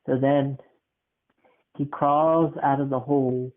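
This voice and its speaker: A man's voice: mid-range voice, slow. A young man co-hosting a podcast with his grandmother, telling a spooky story and chatting casually with lots of fillers. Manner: relaxed, many fillers, dramatic "dun dun dun". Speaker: podcast co-host. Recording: tinny phone-like sound.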